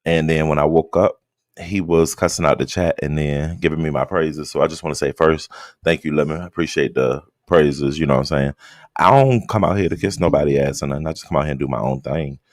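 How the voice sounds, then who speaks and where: Male streamer, extremely low voice, sleepy late-night drawl, dry close sound, chatting with viewers. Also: fairly quick, dry recording. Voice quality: just-woke-up low drawl. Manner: relaxed, greets chat members by name. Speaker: livestream host. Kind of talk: late-night casual livestream chat.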